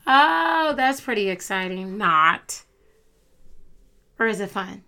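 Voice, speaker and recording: A woman's voice: medium pitch, expressive, normal speed, gravelly, pushed and bright, clear, resonant tone. Earnest woman podcast host. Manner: earnest, conversational. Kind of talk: casual podcast talk.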